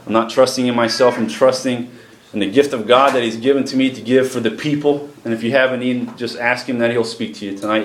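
A man preaching a sermon to a congregation, reading scripture slowly and leading prayer, with pauses for emphasis. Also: medium pitch, steady tone. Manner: slows and lifts his voice for emphasis, responsive to the congregation. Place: church sanctuary with congregation. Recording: echoey church room, faint noise.

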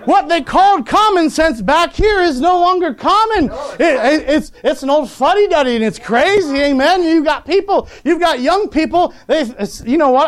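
High-voiced preacher calling for amens. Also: male voice. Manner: keeps asking the congregation "amen?", chuckling asides. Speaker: pastor. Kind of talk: sermon.

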